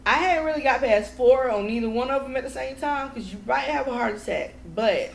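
A woman's voice: high-pitched, expressive, fairly quick, gravelly. A woman co-hosting a podcast, telling stories with lots of swearing and laughter. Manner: profane, storytelling, laughing often. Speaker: podcast co-host. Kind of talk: casual chat. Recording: echoey room, faint noise.

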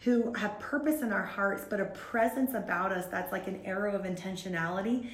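A woman in her thirties, a guest on a faith-based podcast, talking in an earnest, rambling, animated way. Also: medium pitch, a little fast, echoey room.

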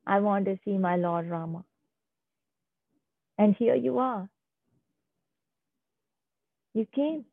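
A woman's voice: medium pitch, takes it slowly, gravelly, pauses often, no echo. Woman voicing a remorseful old bear-king. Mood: yearning. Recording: tinny phone-like, dry sound.

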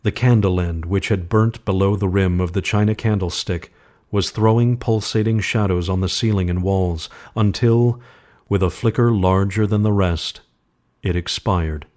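Brief: male storyteller, lower register, measured and suspenseful narration. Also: fairly even intonation, a little mellow. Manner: slow, measured, suspenseful reading. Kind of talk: scripted horror story narration.

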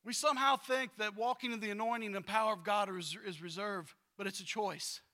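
A man preaching with a bright, forceful voice that sits a bit high for a man. He swings between loud, pressing bursts and hushed asides as he reads scripture and talks to his congregation in a casual way. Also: brisk. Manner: casual slang and repetition. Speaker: pastor. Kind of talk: sermon.

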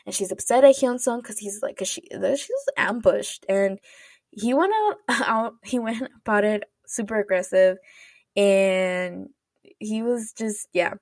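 A woman's voice: medium pitch, expressive, unhurried, darkish tone, no room sound, studio quality. A woman podcast host casually recapping a show's plot, rambling with lots of fillers and quoting characters as she goes. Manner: chatty, rambling, heavy on fillers like "like" and "you know"; retells scenes with quoted dialogue.

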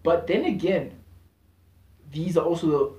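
A man's voice: fairly high pitch, animated, unhurried, dark tone. Talkative man in an echoey room. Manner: talkative, slangy, restarts often. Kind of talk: casual chat.

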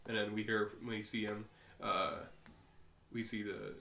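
A man co-hosting a podcast, calmly summarizing a comic in halting casual talk. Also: on the low side, vocal fry, reverberant, a little hiss or hum. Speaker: podcast co-host.

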